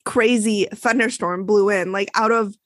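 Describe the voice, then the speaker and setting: A woman co-hosting a casual podcast, telling a scary story with animated, exaggerated drama and acted-out dialogue. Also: medium pitch, a little slow, dry recording. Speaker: podcast co-host. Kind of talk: casual chat.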